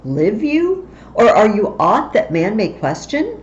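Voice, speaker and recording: A woman's voice: medium pitch, huge pitch swings, slow, slight background noise, voice pushed up. A woman voicing a wary male nobleman and soldier who declaims searching questions, from a slightly dull recording. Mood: wondering.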